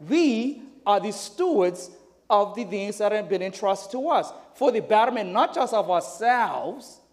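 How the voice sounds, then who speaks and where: A man's voice: high-pitched, animated, unhurried. A man in a church Bible class, talking conversationally and explaining his point through a personal example. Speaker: class participant. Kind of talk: church Bible lesson discussion. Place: church sanctuary.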